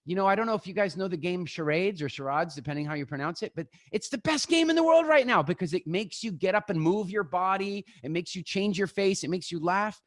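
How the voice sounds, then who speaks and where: A man speaking as a guest in a live online talk over a video call. He is animated, acts out little scenes and speaks straight to his audience. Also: high-pitched, brisk, few pauses, dry recording, clean studio sound.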